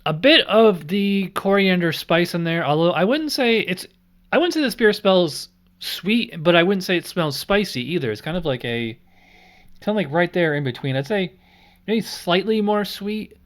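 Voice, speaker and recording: A man's voice: sits high, animated, moderate pace, a bit bright. A man hosting a casual beer review, thinking aloud in an easygoing, rambling way with many fillers.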